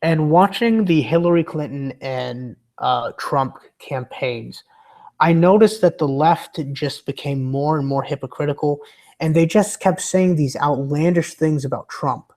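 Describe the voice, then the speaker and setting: A man's voice: fairly high pitch, measured pace, darkish tone. Hesitant man streaming, still getting over illness. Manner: rambling and hesitant, trips over his words. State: recovering from illness. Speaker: livestreamer. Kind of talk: casual livestream chat.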